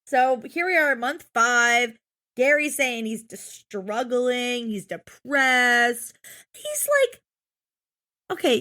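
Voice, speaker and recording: A woman's voice: a little high, a little slow, bright, forceful tone. A woman co-hosting a podcast, recapping a show in casual chat, exasperated and swearing often as she acts out what people said. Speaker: podcast co-host.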